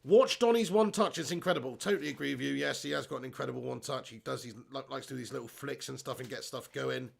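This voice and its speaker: A man with a husky, gravelly, medium-pitched voice talks fast with few pauses as he hosts a live football watch-along. He jokes, swears, laughs often and reads the chat aloud in casual match commentary.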